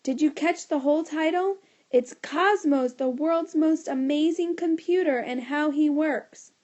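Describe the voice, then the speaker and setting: An earnest schoolboy, urgent and sometimes yelling to be heard, as a woman reads him aloud. The voice sits fairly high with a gravelly edge and a mellow, dark tone. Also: normal speed, muffled recording. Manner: loud insistent yelling at times.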